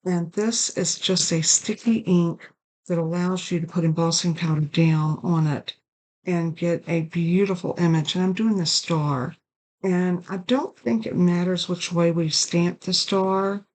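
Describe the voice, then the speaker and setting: Low-voiced woman demonstrating card crafting. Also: a little mellow, low-quality recording. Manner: chatty, apologetic about coughing. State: coughing and sneezing. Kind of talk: casual craft tutorial.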